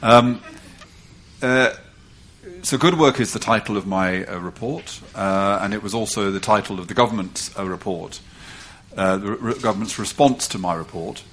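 A man, speaking as a panel guest about his report, halting and full of filler sounds. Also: on the low side, fairly bright tone. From England. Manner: halting, with many filler sounds and self-deprecating remarks. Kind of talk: panel talk.

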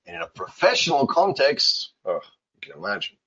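A man teaching to Spanish speakers in a seminar talk, animated and emphatic, often checking in with "okay?" and "right?". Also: medium pitch, fairly quick, vocal fry, slightly rough. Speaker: English teacher. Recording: dull lo-fi recording.

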